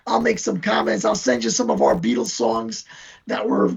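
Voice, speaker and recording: A man's voice: high voice, expressive, moderate pace, gravelly, breathy edge. An older man, chatting as an interview guest and telling long boastful stories in a rambling way. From New York. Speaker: band member, guest. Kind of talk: casual chat. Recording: dull lo-fi recording.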